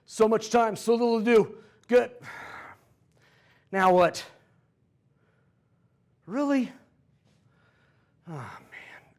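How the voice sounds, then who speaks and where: A man in his forties, a history teacher, telling a history story in a playful, jokey way for a comedic vlog. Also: high voice.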